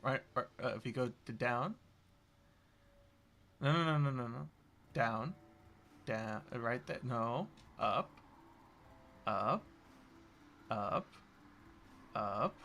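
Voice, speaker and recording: A man's voice: medium pitch, animated, slow, pauses often, pushed and bright, a little hiss or hum. A young man, a game developer, chatting casually with a co-host, teasing and laughing often. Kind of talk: casual chat while working.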